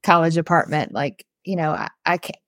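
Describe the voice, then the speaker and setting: Chatty young woman host, low-pitched and dry. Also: normal speed, a bit bright, no room sound. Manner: eager, chatty, with fillers and laughs. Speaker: podcast host. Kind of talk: casual chat interview.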